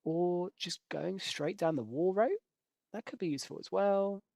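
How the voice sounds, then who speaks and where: A man's voice: high-pitched, moderate pace, creaky, darkish tone, no room sound, studio quality. A man giving casual, rambling live commentary while playing a strategy game, joking at his own expense and swearing now and then. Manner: rambling, jokey, self-deprecating.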